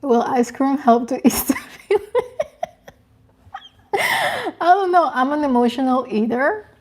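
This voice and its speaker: Hosting a laid-back live stream, a young woman reads out her viewers' comments. Her high-pitched voice swings widely, and she speaks softly and emotionally, halting and starting over many times.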